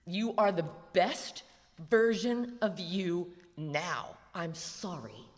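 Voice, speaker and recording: A recovery speaker from the USA delivers a live convention speech in a low-leaning voice, animated but slow-paced. The American woman's talk is blunt, profane and emphatic, captured with the echo of a large convention hall.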